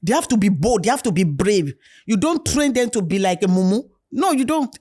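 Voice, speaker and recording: A woman's voice: medium pitch, brisk, husky. A middle-aged woman from Africa, in candid conversation, telling stories and acting out family dialogue. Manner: animated storytelling, acts out dialogue. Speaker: guest.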